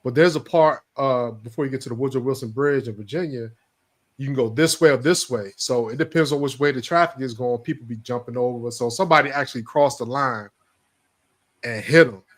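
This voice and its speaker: A man co-hosting a casual chat show, telling stories in a relaxed, slang-heavy way. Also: medium pitch, brisk. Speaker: co-host.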